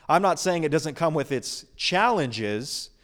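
A man's voice: a little high, very animated, measured pace, a bit bright. A man preaching a sermon as pastor, earnest and emphatic, building up and easing off in intensity.

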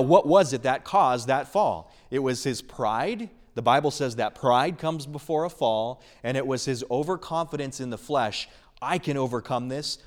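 A man preaching a sermon, earnest and emphatic, swinging between loud stresses and hushed lines. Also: medium pitch. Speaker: pastor.

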